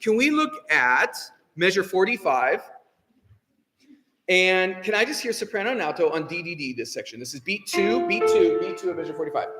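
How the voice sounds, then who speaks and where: A high-pitched man leads a choir rehearsal in a roomy hall with a long, ringing reverb. He gives brisk notes, counts the singers in and sings short syllables to show the phrasing, while music plays between his instructions. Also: very animated, sharp tone. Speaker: choir director.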